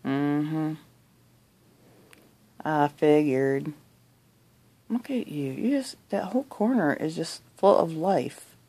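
A middle-aged woman talking softly in a bedroom at night, cooing affectionately and often half-whispering. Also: mid-range voice, sing-song, normal speed, husky. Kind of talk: soft-spoken recorded monologue.

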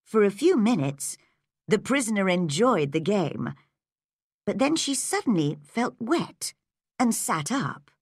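Slow, lively woman narrating a story. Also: mid-range voice, no echo, studio quality. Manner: slow, clear, measured reading. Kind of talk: graded-reader story narration for learners.

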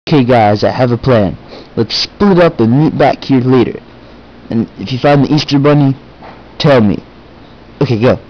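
A young man playing the lead in a home-made comedy film, goofy and deadpan. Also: mid-range voice, normal speed, long pauses, muffled recording. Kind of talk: amateur comedy acting.

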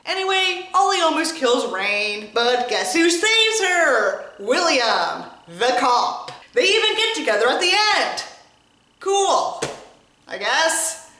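A woman's voice: high voice, sing-song, slow, sharp tone. A woman host giving exasperated, sarcastic, swear-filled commentary on a bad book. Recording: roomy echo with music behind. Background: background music.

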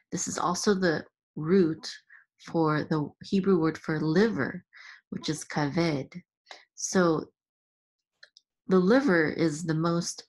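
A husky woman with a fairly low voice leads a patient reading lesson. She speaks very slowly and sounds out each syllable with care. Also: a little mellow. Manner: sounds out syllables slowly, chanting accent marks higher. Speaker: Hebrew reading teacher.

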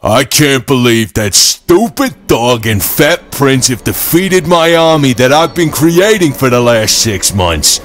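Brief: a man as a resentful game villain, slow and menacing, over faint music. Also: medium pitch, sing-song, fairly bright tone. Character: scheming male villain commanding an army of robots.

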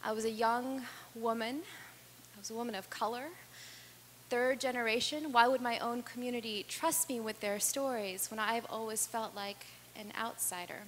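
A woman giving an earnest personal storytelling speech, with dramatic pauses that build in intensity. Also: a little high, fairly even intonation, a bit bright. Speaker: speaker. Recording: reverberant hall with faint hum.

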